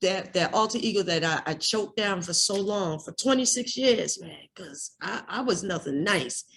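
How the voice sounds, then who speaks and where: A woman's voice: medium pitch, moderate pace, gravelly, a bit bright. Raw, candid woman sharing. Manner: raw, candid, profane, repeats herself. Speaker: recovery workshop speaker. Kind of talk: emotional personal share.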